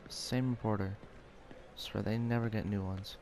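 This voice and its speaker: A man's voice: lowish voice, fairly even intonation, moderate pace, creaky, darkish tone, slight background noise. A young man casually commenting on a video game, joking and reacting aloud with slang. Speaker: gamer.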